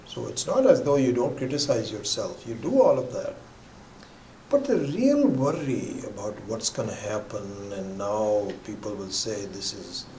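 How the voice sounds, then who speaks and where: A man's voice: mid-range voice, mellow, a little hiss or hum. A man teaching a scripture class, rambling with many fillers and restarts, sometimes dropping almost to a whisper. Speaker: spiritual teacher. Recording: echoey room with faint ambience.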